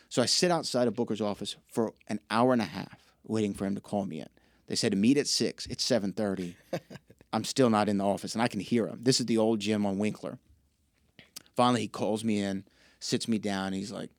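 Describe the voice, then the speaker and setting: A man's voice: on the low side, fairly quick, dry recording, studio quality. A young man, a podcast guest, telling stories in a casual interview and acting out quoted dialogue. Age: young adult. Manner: animated storyteller who acts out quoted dialogue. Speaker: podcast guest, wrestling ring announcer.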